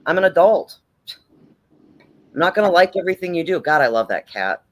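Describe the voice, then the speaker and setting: A man with a slightly high voice hosts a late-night livestream and talks in a loose, casual way. He is blunt and preachy, swears freely and. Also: very animated, a little fast. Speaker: livestream host.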